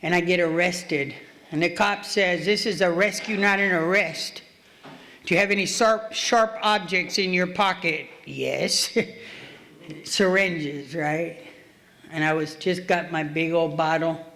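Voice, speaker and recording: A woman's voice: on the low side, slow, a bit bright. Blunt streetwise woman telling her recovery story. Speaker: recovery meeting speaker. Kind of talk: personal recovery story at a meeting. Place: meeting hall.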